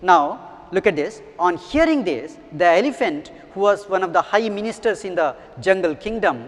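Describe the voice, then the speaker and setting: A man lecturing on a story, explaining words patiently and checking with "okay?". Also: high-pitched. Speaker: English lecturer. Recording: long echoing reverb.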